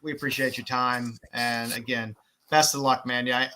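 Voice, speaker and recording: Bright-voiced man hosting a podcast. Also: medium pitch, flat delivery, moderate pace. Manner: easygoing, wraps up the show with plugs and thanks. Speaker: podcast host. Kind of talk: casual chat.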